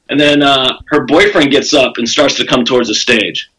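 A brisk, bright, forceful medium-pitched voice with a breathy edge belongs to a comedian recounting a rowdy tale from his stand-up gigs on a podcast. Animated and profane, he jumps into others' lines with a raised, louder voice and keeps things loose and full of fillers. Rough recording.

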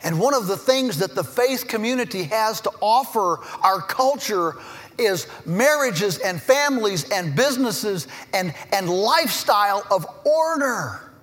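A middle-aged farmer from Virginia giving a lively conference speech, an animated storyteller who slips in jokey asides. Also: male voice, sits high, unhurried. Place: large conference hall. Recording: echoey hall with long reverb.

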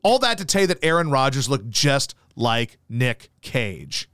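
A man's voice: medium pitch, big pitch swings, measured pace, a bit bright, clean tone, no room sound, studio quality. A man hosting a talk show, telling rambling, profane stories in casual chat. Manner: profane, rambling storytelling full of fillers. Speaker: show host.

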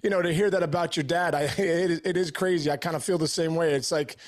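Earnest high-voiced stammering man. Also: steady tone, fast. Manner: earnest, stammers and restarts often. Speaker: podcast guest, former baseball player. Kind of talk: casual interview chat.

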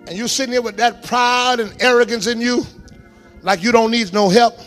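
High-pitched shouting preacher man. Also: steady tone, moderate pace, faint music behind. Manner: shouting, exhorting the congregation with call-and-response commands. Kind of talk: fiery sermon. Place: church sanctuary.

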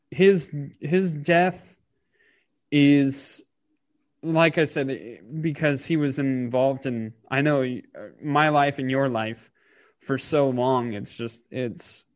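Halting, emotional man with a dry sound. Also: medium pitch, dry recording. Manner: halting, many fillers and restarts, gets choked up. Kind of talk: casual emotional podcast talk.

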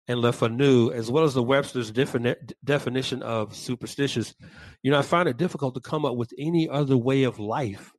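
A man co-hosting a Christian podcast, speaking in a measured, deliberate way and reading quotations slowly. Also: mid-range voice, no echo. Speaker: podcast co-host.

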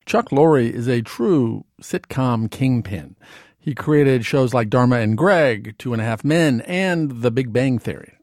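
An American man narrating a documentary in a measured, reflective tone. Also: medium pitch, lively intonation, darkish tone, no room sound. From United States. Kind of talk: scripted narration. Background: music.

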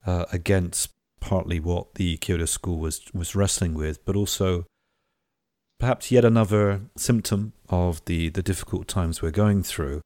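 Very deep-voiced thoughtful male host. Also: unhurried, a little mellow, no room sound, clean studio sound. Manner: thoughtful, hesitant with many fillers. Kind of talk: conversational interview.

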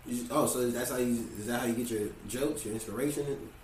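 A man's voice: medium pitch, fairly quick, a little mellow, far from the mic. Man heard off-mic in a roomy space. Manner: loose, joking interjections. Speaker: podcast host. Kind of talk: casual chat. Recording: roomy, off-mic with faint background noise.

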